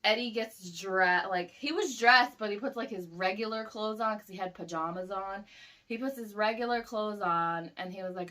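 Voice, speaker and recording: A woman's voice: mid-range voice, normal speed, sharp tone. A woman in her twenties casually recounting a story, with loose, profane talk full of "like". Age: 20s. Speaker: vlogger.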